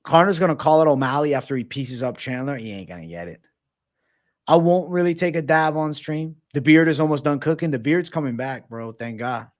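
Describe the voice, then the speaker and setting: A man hosting a livestream Q&A, reading viewer messages aloud and answering in a loose, joking, profane way, often trailing off low and quiet at the ends of his answers. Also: expressive, brisk. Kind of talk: casual livestream Q&A.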